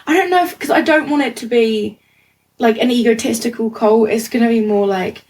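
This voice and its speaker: A young woman, co-hosting a podcast in rambling casual chat, full of "like" and quick laughs. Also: fairly high pitch, a little mellow, poor audio. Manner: rambling, lots of "like", laughs often. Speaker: podcast co-host.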